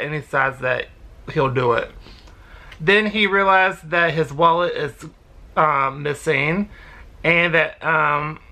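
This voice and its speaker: Bright-voiced woman rambling through an episode recap. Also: deep voice. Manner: rambling, hesitant with frequent ums and short laughs. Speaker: reaction video host.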